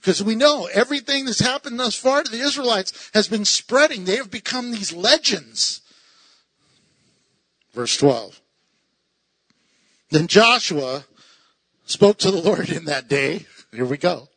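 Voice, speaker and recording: Man, Bible teacher, very high pitch, slow delivery, excitable, laughs a lot. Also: no room sound. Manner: excitable, laughs often, acts out quoted voices. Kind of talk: animated Bible study teaching.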